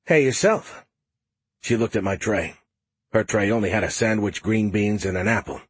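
A man narrating a first-person audiobook in a steady, wry, matter-of-fact way. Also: on the low side, brisk, husky, no room sound.

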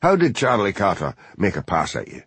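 A man's voice: lowish voice, huge pitch swings, a little fast, husky, dry recording, heavily acted. A man voicing a bullying, hard-drinking Scottish detective chief inspector who blusters and threatens. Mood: blustering.

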